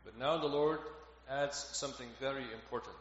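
Earnest and rising to emphasis on key phrases, a male preacher gives a sermon in a mid-range, fairly bright voice at normal speed. Heavy hall echo fills the dull, lo-fi recording, along with faint noise.

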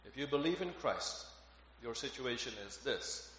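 Here a man preaches with an expressive, slightly bright mid-range voice at a moderate pace, earnest and turning emphatic on key phrases. The sermon is captured on a dull, lo-fi recording with heavy hall echo and faint noise.

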